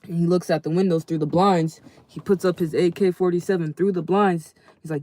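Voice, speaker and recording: A man casually telling a story to his live chat in a slangy, animated way, acting out the people in it. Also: high voice, a little fast, dry recording. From California. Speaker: livestream host.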